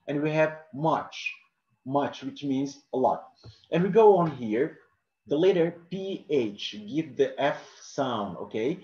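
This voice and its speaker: A man's voice: mid-range voice, mellow. Teacher, male, non-native English speaker, models each word twice, dull recording in an echoey room. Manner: repeats words slowly to model them. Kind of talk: classroom lesson. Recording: roomy, dull-sounding classroom recording.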